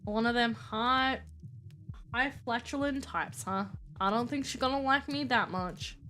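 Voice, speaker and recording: A woman's voice: on the high side, unhurried, bright, forceful tone. A woman voicing a rugged male cowboy therapist who talks with a folksy drawl.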